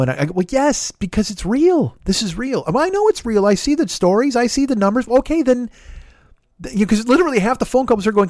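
A middle-aged man hosts his podcast in a loose solo monologue, rambling and swearing with an exasperated edge. His voice sits a little high for a man. The sound is dry and close, with no room around it. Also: animated, fairly quick, a little mellow, no room sound. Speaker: podcast host.

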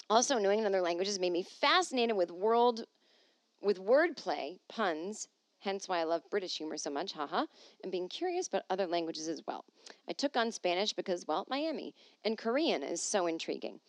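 A woman's voice: fairly low pitch, dry recording. A middle-aged woman comedian hosting her podcast from home, chatting loosely and joking at her own expense while reading listener emails. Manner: rambling, self-deprecating, jokey asides.

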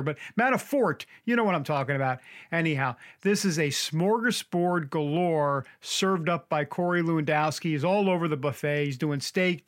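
A man with a New York accent hosts his podcast in a loose, joking ramble, full of self-mocking asides. His voice sits a little higher than most men's. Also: fairly bright tone. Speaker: podcast host. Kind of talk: chatty podcast monologue.

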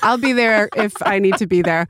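A woman's voice: mid-range voice, brisk, a bit bright, no echo. A woman guest, a screenwriter and producer, chatting playfully and laughing easily in a casual podcast.

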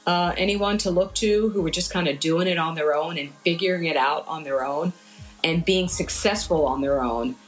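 A woman's voice: on the low side, moderate pace, soft background music. A woman sports journalist speaking earnestly and admiringly in an interview.

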